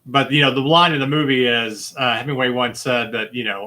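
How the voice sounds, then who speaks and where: A man's voice: medium pitch, steady tone, a little fast, few pauses, pushed and bright. A man hosting a casual podcast movie quiz, upbeat and chatty, laughing easily. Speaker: quiz host.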